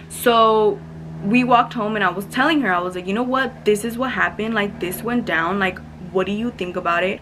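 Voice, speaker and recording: A teenage girl telling a story to camera in a casual storytime vlog, acting out quotes with many fillers. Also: mid-range voice. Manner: animated retelling, acts out quotes, many "like" fillers. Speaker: vlogger.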